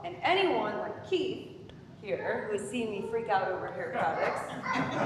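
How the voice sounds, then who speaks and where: A woman giving a hall of fame acceptance speech, telling a lively anecdote with chuckles and admitting she is nervous. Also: mid-range voice, normal speed, a crowd in the background. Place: large echoey event hall. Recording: echoey hall with room noise.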